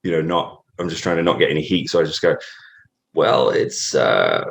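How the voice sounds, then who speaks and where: A British man with a very deep, low voice tells a long story as a guest on an interview show. His delivery is flat and very fast, loose and rambling, circling back with fillers and restarts.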